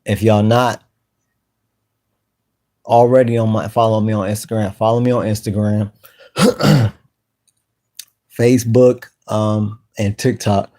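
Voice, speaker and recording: Chill dude on a live stream shouting out viewers, kinda dark mellow voice. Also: male voice, on the low side, fairly even intonation, slow pace, long pauses. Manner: laid-back slang, greeting chat viewers by name. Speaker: channel host. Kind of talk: casual live stream chat.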